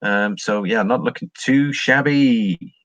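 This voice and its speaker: A man hosting a casual livestream speaks slowly in a mid-range, fairly bright voice with no room sound. He rambles while reading viewer comments and talking through price charts.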